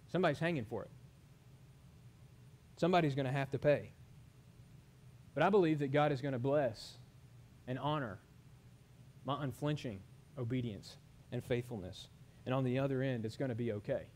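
A man's voice: mid-range voice, a little mellow. A man, preaching a sermon and putting earnest questions to his congregation. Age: 30s. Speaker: pastor.

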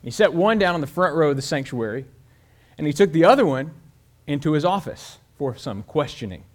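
A pastor delivers a sermon, with a voice pitched a bit above most men. He tells a story with changes of pace and loudness. He speaks straight to his congregation. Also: animated, brisk.

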